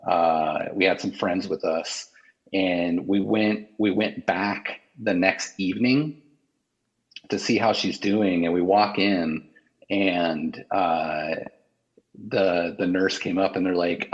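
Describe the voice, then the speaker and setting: A man in an interview, telling a painful personal story in a halting, emotional way with many restarts. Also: low voice, breathy edge, dull audio.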